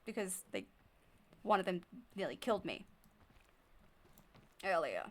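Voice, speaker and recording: A woman's voice: lowish voice, sing-song, measured pace. A woman streamer chatting to herself while she plays, curious and easily spooked. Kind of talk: live gameplay commentary. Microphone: desk microphone.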